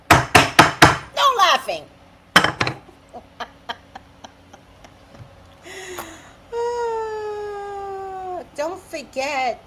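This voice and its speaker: Lively, blunt woman psychic streaming. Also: on the high side, slight background noise, poor audio. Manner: animated, blunt, greets commenters by name. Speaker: psychic hosting a live stream. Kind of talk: casual live-stream chat with viewers.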